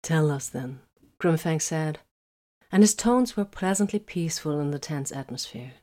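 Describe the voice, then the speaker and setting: A woman reading a story aloud in a quiet, even narration. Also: sits low, moderate pace. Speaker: story reader. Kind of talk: scripted narration.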